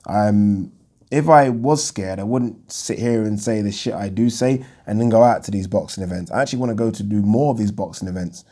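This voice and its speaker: Male host, deep warm voice, frank and chatty, lots of ums. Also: a little fast. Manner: frank, rambling, heavy on ums. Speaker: boxing YouTube host. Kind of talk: casual Q&A chat.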